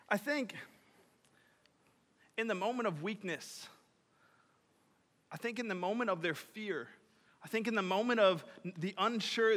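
A young man preaching a casual, energetic sermon, chatty and full of fillers, swinging between loud and quiet. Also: high-pitched, normal speed, pauses often. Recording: reverberant hall.

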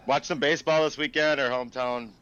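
A man's voice: mid-range voice, steady tone, quick pace, pushed and bright, smooth. A man from Minnesota co-hosting a podcast, chatting in an easygoing, folksy way. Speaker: podcast co-host. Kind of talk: casual chat. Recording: dull lo-fi sound.

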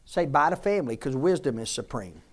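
A man delivering a sermon at an even middle pitch. He talks emphatically, rising to loud exhortation and then dropping to quiet, close asides. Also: fairly quick. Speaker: preacher.

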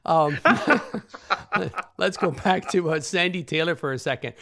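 A man's voice: high-pitched, slow pace, creaky, bright, forceful tone. A man in casual conversation, prompting memories with leading questions.

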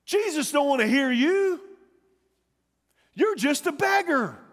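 A man voicing scolding male townsfolk who hush a beggar in a loud, dismissive way, with a long church reverb behind him. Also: sits high, very animated, normal speed, vocal fry, breathy edge, exaggerated voice.

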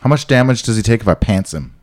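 A man's voice: lowish voice, animated, quick pace, very noisy. Joking man at a tabletop game. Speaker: player.

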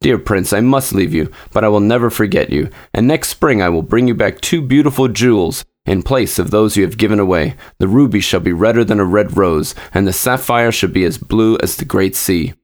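A man reading aloud voices a small, devoted male swallow in a fairy tale, speaking in a raised, quick, lilting way. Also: fairly low pitch, close to an everyday voice. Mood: earnest.

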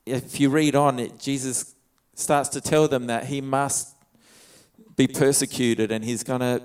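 A man's voice: medium pitch, steady tone, measured pace, a little mellow, smooth. A man preaching a conversational sermon, reading scripture aloud and retelling it in his own words. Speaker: pastor.

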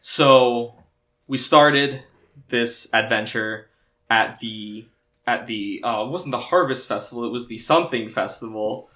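A man's voice: medium pitch, unhurried, sharp tone. A young man acting as game master, chatting casually and recapping the game in a rambling, self-deprecating way.

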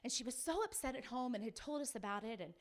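A woman pastor preaching a sermon, telling stories in a lively way, acting out the people in them and putting questions to her listeners. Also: a little high, fast. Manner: lively storytelling, acts out quoted people; speaks to the audience directly with questions.

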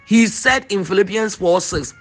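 A man's voice: sits high, lively intonation, moderate pace, a bit bright, faint music behind. A man preaching a sermon, emphatic and repetitive, drawing out declarations.

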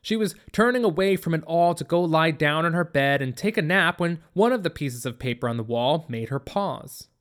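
A narrator reading a story in a steady, plain storytelling manner. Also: mid-range voice, moderate pace, hardly any pauses. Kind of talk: audiobook narration.

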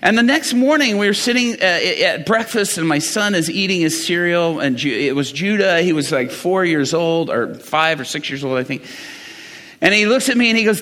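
A man's voice: high-pitched, moderate pace. A middle-aged man preaching a sermon as a pastor, telling stories in a conversational way and often laughing. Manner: animated, conversational storytelling with laughs. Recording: reverberant hall.

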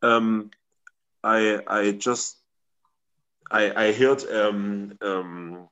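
Halting low-voiced man. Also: fairly even intonation, fairly bright tone, lo-fi sound. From Germany. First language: German. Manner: halting, searching for English words. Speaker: guest, metal band member. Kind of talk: casual interview answers.

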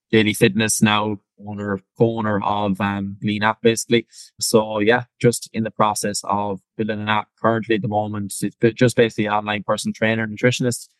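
A young man with an Irish accent, chatting casually as a podcast guest over a video call, quick and full of fillers. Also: fairly low pitch, flat delivery, dry recording, poor audio. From Ireland. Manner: quick talker with many fillers. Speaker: guest, personal trainer.

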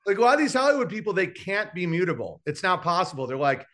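A man's voice: high-pitched, big pitch swings, fast talker, few pauses, a bit bright. A man, a comedian guest on a podcast, telling brash stories in a rambling, filler-heavy way. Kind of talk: casual podcast chat.

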